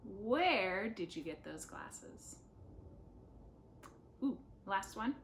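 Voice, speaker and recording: A young woman speech therapist at home, modeling practice questions slowly and deliberately with playful, self-teasing asides. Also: medium pitch, sing-song, slight background noise. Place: home living room.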